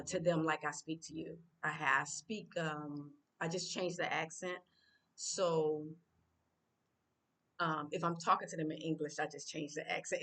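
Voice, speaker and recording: Low-pitched american lady chatting on her vlog, lots of uhs and restarts. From United States. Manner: unscripted, halting with many fillers and restarts; speaks Swahili phrases louder and higher. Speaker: vlogger. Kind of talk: casual vlog talk.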